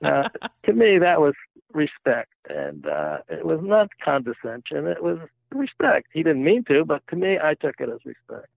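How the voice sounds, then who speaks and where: Older guy, super gravelly, tinny phone sound, telling stories. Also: a little high, wildly swooping pitch, normal speed, no room sound. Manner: chatty, fond of telling jokes and anecdotes. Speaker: guest, retired volunteer museum-ship guide. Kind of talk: casual interview storytelling. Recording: tinny phone-like line, dry.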